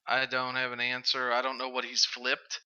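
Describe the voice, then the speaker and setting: A man casting a card game match, calling the plays in quick bursts that build to big moments. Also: medium pitch, completely flat delivery, sharp tone, clean tone, muffled recording. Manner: rapid play-by-play, builds up to big calls. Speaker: esports caster. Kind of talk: excited game commentary.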